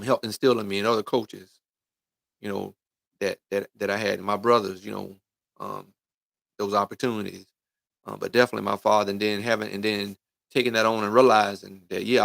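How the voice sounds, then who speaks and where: A man's voice: fairly low pitch, gravelly, fairly bright tone, no echo. A middle-aged man, a youth football coach, giving a folksy motivational talk on a livestream, talking straight to parents and kids. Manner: folksy, preachy, addresses parents and kids directly with lots of "right?" and "man". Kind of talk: live-streamed motivational talk.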